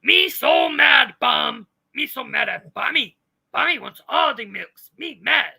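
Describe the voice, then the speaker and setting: A woman's voice: high-pitched, animated, a little slow, vocal fry, sharp tone, breathy edge, raised voice, pitched above the performer's own voice, full character voice. A woman putting on the voice of a furious, childish woman who whines in broken baby talk. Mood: whiny shouting.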